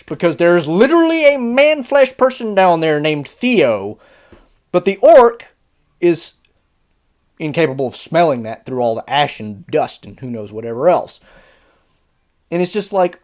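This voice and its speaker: A man reviewing a fantasy series casually on video, animated and exasperated, with sarcastic asides. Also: mid-range voice.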